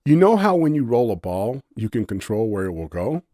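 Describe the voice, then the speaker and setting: A man's voice: on the low side, big pitch swings, brisk, dark tone, no echo, studio quality, pitched above the performer's own voice. A man voicing a grumpy, sarcastic young human woman in an audiobook story, blunt and exasperated. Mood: explaining.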